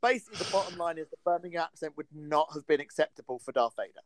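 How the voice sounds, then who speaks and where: Brief: male podcast co-host, teasing and brisk, a touch high, dry close sound. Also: dry recording. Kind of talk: casual chat.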